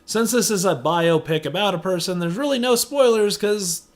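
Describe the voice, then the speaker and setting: A man's voice: sits high, animated, normal speed. A man giving a casual movie review, chatty and sarcastic, often saying "you know". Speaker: film reviewer.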